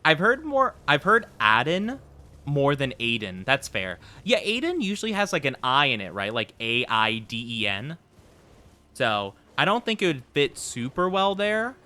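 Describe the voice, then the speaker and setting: A man's voice: mid-range voice, big pitch swings, unhurried, bright, forceful tone. A man streaming a video game, chatting playfully with his viewers in a casual commentary style and laughing often. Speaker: VTuber streamer. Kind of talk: casual gaming commentary to chat.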